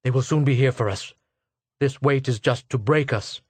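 A man's voice: mid-range voice, moderate pace, breathy edge, no room sound, natural voice. A man voicing an angry middle-aged male tailor lost in time, speaking in bitter, defiant outbursts in a dry recording.

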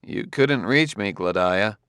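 A man's voice: lowish voice, animated, slow, a bit bright, clean tone, dry recording, studio quality. A male audiobook reader voicing a stern, tired middle-aged detective who reasons tersely. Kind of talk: audiobook character voice.

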